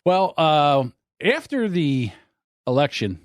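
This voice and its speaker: A man's voice: on the high side, very animated, slow pace, no room sound, studio quality. A man hosting a casual podcast chat, joking and teasing, often breaking into laughs. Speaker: podcast host.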